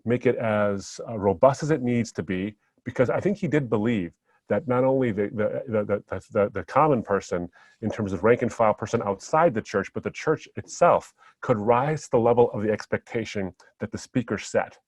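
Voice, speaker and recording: A man speaking as a guest on a podcast, reflecting on memories and telling stories in a relaxed, anecdotal way. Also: fairly low pitch, a little fast, dry recording. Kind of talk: podcast conversation.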